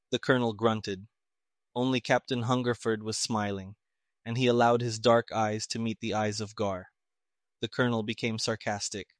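A man narrating a story in a measured, even storytelling manner. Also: fairly low pitch, no room sound, studio quality. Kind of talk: audiobook narration.

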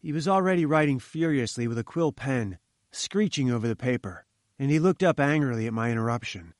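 A man's voice: medium pitch, a little fast, dry recording, studio quality. A man narrating a story in the first person, voicing its characters in turn. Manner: reads with lively character voices. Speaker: audiobook narrator. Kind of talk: scripted narration.

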